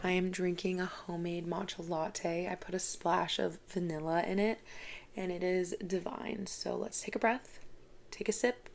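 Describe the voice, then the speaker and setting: A woman's voice: on the low side, flat delivery, normal speed, a little hiss or hum. A woman in her twenties, a book vlogger, talking in a chatty, casual way full of "like" fillers. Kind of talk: casual chat.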